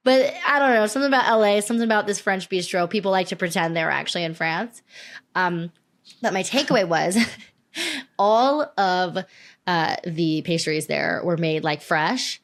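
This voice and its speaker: A woman's voice: fairly low pitch, normal speed. A young adult woman co-hosting a podcast, chatting casually and telling stories with lots of laughter. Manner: chatty, animated storytelling with frequent laughs. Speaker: podcast co-host. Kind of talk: casual chat.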